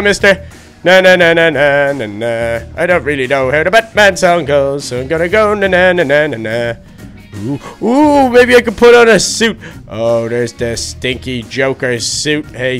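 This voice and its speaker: A man with an Irish accent voicing an excitable, silly young male duck hero in a Minecraft adventure, exclaiming and talking to himself. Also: on the high side. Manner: jumpy, exclamatory, talks to himself. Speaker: video creator. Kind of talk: Minecraft adventure role-play.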